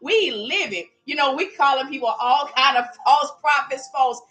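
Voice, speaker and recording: A woman preaching in a lively, casual way, acting out little voices as she speaks. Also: sits high, normal speed, poor audio. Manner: animated, playful, acts out voices while preaching. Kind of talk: livestreamed preaching.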